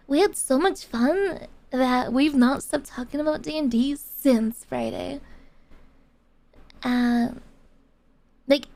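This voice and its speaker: A young woman streaming to her viewers in a high voice. She talks at an unhurried pace. Her casual chat is full of swearing and slang, and it swings between laughter and ranting. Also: darkish tone, no echo. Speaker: VTuber streamer.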